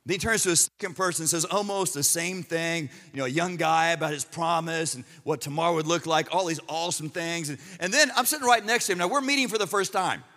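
A man's voice: fairly high pitch, fast talker, few pauses, sharp tone. A middle-aged man, a pastor, preaching a sermon to a live congregation, telling stories with humor and asides to the listeners. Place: church sanctuary with live congregation. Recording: long hall reverb.

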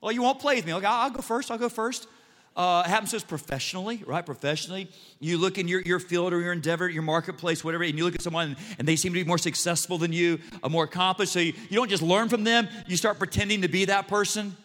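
A male pastor preaching a sermon in an animated, self-mocking, humorous way. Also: sits high, quick pace. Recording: long reverb in a large church hall.

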